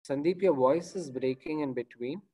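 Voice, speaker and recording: A man's voice: fairly high pitch, normal speed, dark tone, dry recording, low-quality recording. A man hosting a live webinar on a video call, apologetic and reassuring while filling time. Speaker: webinar host.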